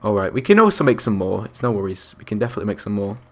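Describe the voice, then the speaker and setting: Young guy live streaming a game, chatty, counts blocks out loud, talks to chat. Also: on the low side, sing-song, rapid-fire. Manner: chatty, counts aloud, reacts to chat and other players. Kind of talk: live gameplay commentary.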